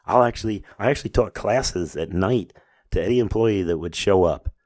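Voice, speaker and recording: A man's voice: fairly low pitch, moderate pace, darkish tone, no room sound, studio quality. A middle-aged man hosting a podcast, telling a story in a casual way and acting out both sides of the conversations. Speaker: business owner hosting a podcast.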